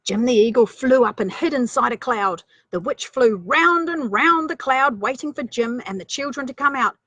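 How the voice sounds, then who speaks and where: A woman's voice: fairly high pitch, lively intonation, normal speed, a bit bright, dry recording. A woman reading a children's story aloud, playful, with chatty asides.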